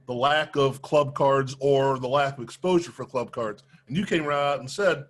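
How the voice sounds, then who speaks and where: A man's voice: medium pitch, moderate pace. A man hosting a sports interview show, chatting casually with his guest. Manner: conversational, affirming with short replies. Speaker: interview host.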